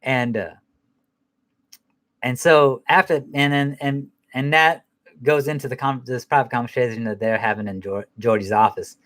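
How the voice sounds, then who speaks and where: A man talking loosely about a movie he watched, cursing often and circling back on his own sentences. His pitch sits in an ordinary middle range for a man. He laughs at his own jokes and keeps tagging his lines with "man.". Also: fairly even intonation, normal speed, a bit bright. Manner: rambling and profane, with many restarts and "man" tags. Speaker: film review host. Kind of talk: casual film review chat.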